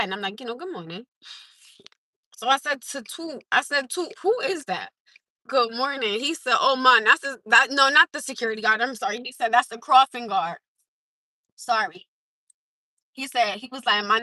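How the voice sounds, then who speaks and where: A woman with hosting a casual live stream from her parked car, laughing often and talking in slangy, animated bursts. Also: medium pitch, no echo. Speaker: livestream host.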